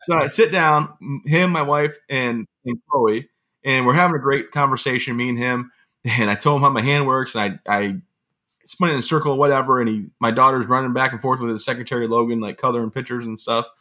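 Guest: man from Michigan, motivational speaker, bright and forceful tone, easygoing anecdote teller. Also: medium pitch, fairly quick. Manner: lively, self-mocking, often laughing and acting out quotes. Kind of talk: casual anecdotal storytelling.

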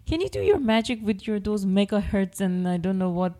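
A woman's voice: mid-range voice, animated, a little fast, warm tone. Direct, straightforward woman podcast co-host. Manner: direct, straightforward, laughs often. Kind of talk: casual chat.

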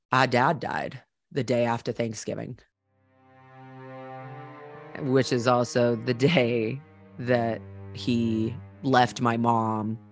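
A woman hosting a personal storytelling podcast, candid and conversational with some casual swearing, turning reflective and earnest as she draws lessons. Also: extremely low pitch. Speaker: podcast host.

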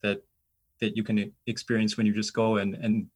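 A middle-aged American guest with a fairly low, breathy-edged voice tells travel anecdotes at a moderate pace. The conversation is loose and rambling, and his animated storytelling is thick with fillers and restarts.

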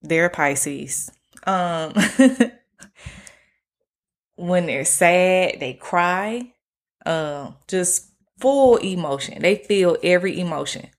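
Solo podcast host, woman, a bit low-pitched, monotone and easygoing, swears freely. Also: extremely slow, pauses often. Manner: self-described monotone delivery; relaxed, slangy, swears casually. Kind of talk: casual solo podcast chat.

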